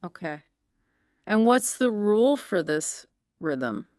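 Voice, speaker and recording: A woman's voice: medium pitch, very animated, slow pace, darkish tone, no echo, studio quality. A woman co-hosting a podcast, asking curious follow-up questions in a scripted teaching dialogue. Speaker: podcast co-host.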